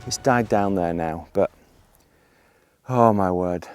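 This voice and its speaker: A man's voice: sits low, slow pace, smooth, no echo, studio quality, faint music behind. Man vlogging outdoors, bursting with awe. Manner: excitable, breathless bursts of awe. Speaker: landscape photographer. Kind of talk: outdoor vlog narration. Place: outdoors on a hillside.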